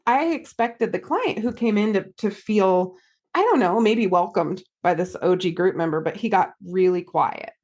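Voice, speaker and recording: An American woman therapist talks casually on a podcast. She tells stories in an animated way and acts out what people said. Her voice sits at an ordinary middle pitch. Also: moderate pace. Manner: animated storyteller, acts out quotes. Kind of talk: casual storytelling chat.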